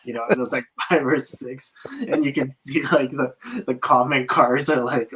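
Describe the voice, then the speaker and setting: A man's voice: mid-range voice, brisk, few pauses, fairly bright tone, slight background noise, low-quality recording. A man, a casino dealer, chatting and laughing through his work stories. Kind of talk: casual chat.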